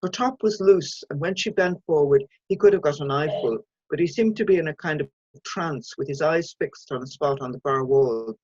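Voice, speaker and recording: A woman, an author reading her own short story aloud in a measured, even way. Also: low voice, breathy edge, no room sound, muffled recording.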